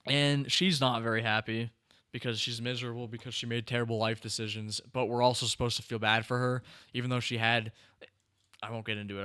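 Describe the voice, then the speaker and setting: Bright, crisp-voiced man rambling on a podcast. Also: mid-range voice. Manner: rambling, animated, lots of fillers and restarts. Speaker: podcast host. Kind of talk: casual podcast chat.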